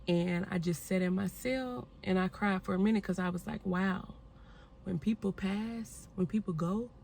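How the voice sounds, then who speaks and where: A young woman recounting a hard personal experience in a candid, unscripted storytime, talking straight to her viewers. Her voice sits on the low side for a woman, and she speaks as if chatting with friends. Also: a bit bright, slight background noise. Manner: candid, conversational, addresses viewers as y'all. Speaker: vlogger.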